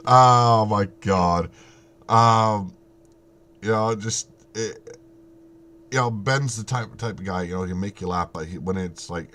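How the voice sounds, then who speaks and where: Deep-voiced swearing live-stream host man. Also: slow pace, pauses often, a bit bright, a little hiss or hum. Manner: profane, laughs often. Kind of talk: casual live-stream chat.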